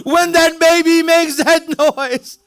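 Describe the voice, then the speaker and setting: A man delivering an emotional sermon as a story, repeating lines and at times shouting or breaking into tears. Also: extremely high pitch, fairly even intonation, slow pace. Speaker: speaker at a religious center. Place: religious center hall.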